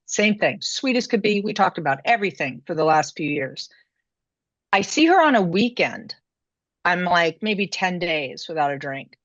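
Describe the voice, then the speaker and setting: A woman guest telling her story in a chatty, casual way, full of fillers and quick laughs. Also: on the low side, a bit bright, no echo. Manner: chatty, many "you know" and "like" fillers, laughs mid-story. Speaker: podcast guest. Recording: muffled lo-fi dry remote audio.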